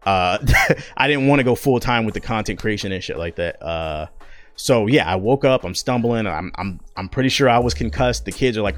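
A man's voice: fairly low pitch, a little fast, faint music behind. A young man and content creator telling a personal story in a casual, profane, slangy way.

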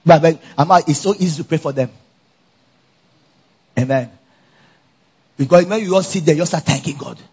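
A man with a high, slightly husky voice preaches at a church conference, energetic and full of call-and-response. He keeps tossing questions to the congregation and filling in the answers. The recording is dull and lo-fi. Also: normal speed, long pauses. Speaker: pastor. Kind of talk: sermon.

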